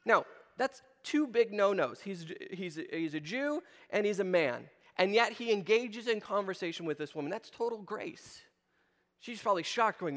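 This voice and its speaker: High-voiced man preaching in a reverberant hall. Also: lively intonation, moderate pace, a bit bright. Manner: conversational, plays short voices in quotes, asks the room. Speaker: pastor. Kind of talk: sermon.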